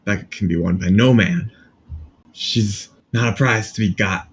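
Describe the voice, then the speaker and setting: A man's voice: fairly low pitch, measured pace. A man co-hosting a podcast, chatting casually and cracking sarcastic jokes. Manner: joking, sarcastic. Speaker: podcast co-host. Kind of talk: casual chat.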